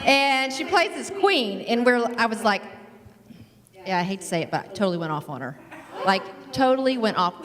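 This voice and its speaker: A woman's voice: fairly high pitch, sing-song, moderate pace, a bit bright. An American woman telling a funny confession about a card game, acting out her own outbursts. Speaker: panel guest at a women's church event. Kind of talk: casual storytelling on stage. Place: church event hall. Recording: long hall reverb from a church PA.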